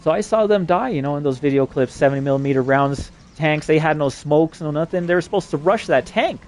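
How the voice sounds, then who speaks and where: A man's voice: fairly high pitch, fairly quick, darkish tone, a little hiss or hum. A man from New Mexico delivering an agitated, profanity-laden rambling monologue. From New Mexico, USA.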